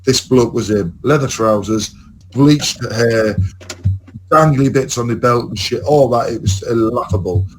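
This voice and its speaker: A man's voice: mid-range voice, a little slow, noisy background. A man telling long, rambling, sweary stories as a podcast host in casual chat.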